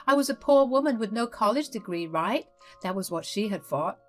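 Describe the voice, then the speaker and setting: A woman narrating a first-person family story in a dramatic, lively way. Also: medium pitch, fairly quick, faint music behind.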